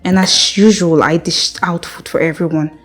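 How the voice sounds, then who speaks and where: An actress playing a troubled young wife who speaks reluctantly and quietly. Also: female voice, on the low side, fairly even intonation, moderate pace, faint music behind, natural voice. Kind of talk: Nollywood film acting.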